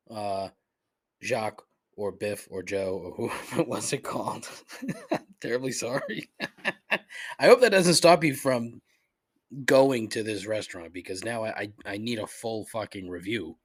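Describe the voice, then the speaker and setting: The host's voice is husky and on the low side. Reading a menu on his solo complaint podcast, he rants with exasperation and plenty of swearing, played for comedy.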